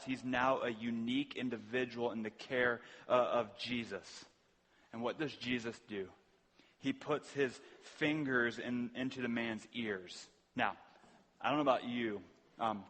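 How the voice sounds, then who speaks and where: A man's voice: medium pitch, fairly bright tone. An earnest man preaches from the pulpit, with a mid-range voice, doubling back on words and putting rhetorical questions to the congregation. His voice carries a long reverb from the church hall around him. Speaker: pastor. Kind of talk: sermon. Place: church sanctuary.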